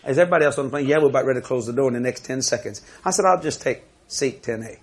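A man preaching a sermon, telling a story in an animated, laughing way and acting out what people said. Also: mid-range voice, racing, husky.

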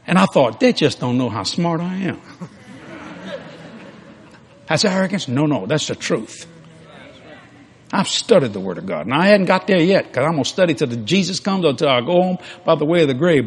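An older male preacher tells a sermon story in a husky, slightly breathy voice. His pitch swings widely as he acts out the exchanges with folksy animation. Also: big pitch swings, normal speed, long pauses.

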